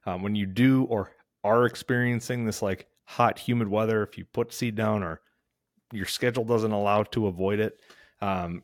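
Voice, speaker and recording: A man with a lowish voice gives practical advice in a chatty way. He restarts and repeats himself often. The recording is dry and close to the mic. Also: no echo. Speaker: podcast host. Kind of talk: casual how-to chat.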